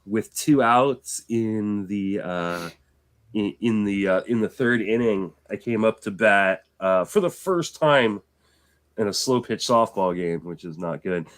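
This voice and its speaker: This podcast co-host, recovering from illness, speaks in a lowish, unhurried voice. He's animated and casual, swearing offhandedly as he tells stories in conversation.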